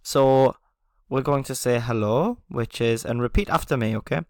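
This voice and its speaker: A man's voice: medium pitch, normal speed, darkish tone, no echo, studio quality. A man teaching a beginner language lesson, explaining patiently, often checking in with "okay?" and chuckling at himself.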